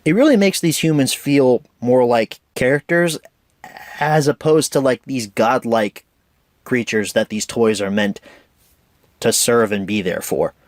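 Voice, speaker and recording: A man's voice: medium pitch, unhurried, no echo, studio quality. A man giving an enthusiastic, opinionated casual film review as host of his own show.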